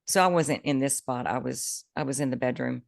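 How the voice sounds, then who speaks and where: Low-voiced woman telling an animated story. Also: fairly quick, vocal fry, dry recording, clean studio sound. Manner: animated storytelling, bursts of excitement. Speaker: podcast co-host, coach. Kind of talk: casual chat.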